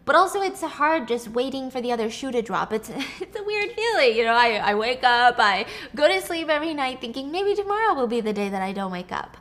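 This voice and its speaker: Woman doing a young woman yelling, all fired up. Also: high-pitched, big pitch swings, a little fast, hardly any pauses. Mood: uneasy. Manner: loud, shouting, indignant. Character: original Sarah, young woman, anxious then furious.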